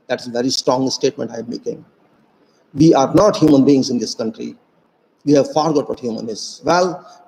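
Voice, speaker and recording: A man's voice: medium pitch, warm tone, slight background noise. Earnest Indian-accented man, reverberant room. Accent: Indian English. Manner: earnest, emphatic, with slow stressed phrases. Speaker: engineer speaking to viewers. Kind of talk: impassioned informal monologue.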